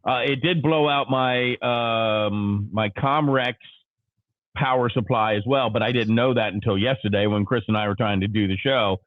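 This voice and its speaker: A male host chats casually on a live morning show and spins a long personal story, full of fillers and restarts. His voice comes through a narrow, tinny, phone-like line, completely dry. His pitch sits in an everyday middle range. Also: normal speed, dry recording. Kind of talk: casual on-air chat.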